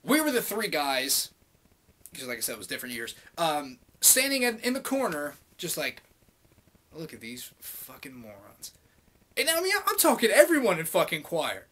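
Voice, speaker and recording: Young man, vlogger, profane sarcastic rant, lively up-and-down pitch. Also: moderate pace. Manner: swears constantly, heated and sarcastic.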